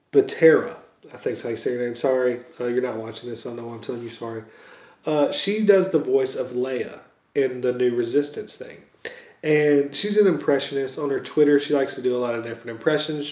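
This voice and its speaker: A man with a mellow, darker tone gives loose, opinionated commentary, circling his points in a hesitant way. His voice bounces around a roomy space with noticeable echo. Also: mid-range voice. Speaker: Star Wars news commentator.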